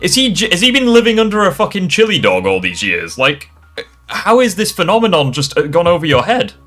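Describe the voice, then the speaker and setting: A man's voice: sits high, wildly swooping pitch, fairly quick, a bit bright, faint music behind. A young man reacting live to a video, sarcastic and exasperated, swearing often.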